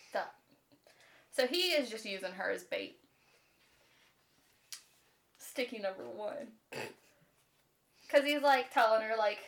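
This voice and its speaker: A young woman co-hosting a podcast, chatting casually and animatedly about a book, swearing freely and mimicking the characters in quick asides. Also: medium pitch. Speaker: podcast co-host.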